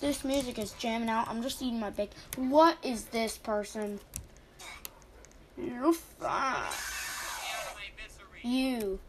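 A woman's voice: on the high side, moderate pace, few pauses, noisy background. A young woman rambling through casual, silly game commentary, easily surprised, with game music playing behind.

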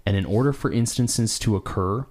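A man's voice: on the low side, a little mellow. A man in a casual debate, arguing back and cutting in on the other speaker. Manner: argumentative, interjecting, quick laugh.

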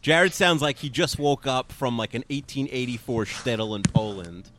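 A man co-hosting a podcast in casual chat, dry and teasing, trailing off low. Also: normal speed, crowd noise. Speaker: podcast co-host.

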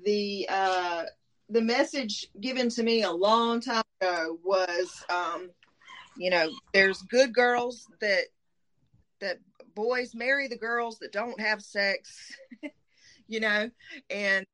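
A woman's voice: mid-range voice, slow pace, a bit bright, poor audio. Southern georgia woman guest, forties, hesitant, lots of ums, candid interview. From Middle Georgia, US. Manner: hesitant, many ums, laughs easily.

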